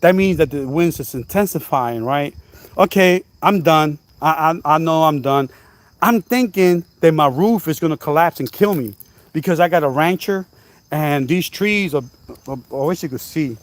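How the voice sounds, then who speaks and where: A man vlogging outdoors at night, telling a story in an animated, repetitive, exclaiming way, now and then coughing. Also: a little high, moderate pace. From New Jersey. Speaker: channel host. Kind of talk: casual storytelling vlog.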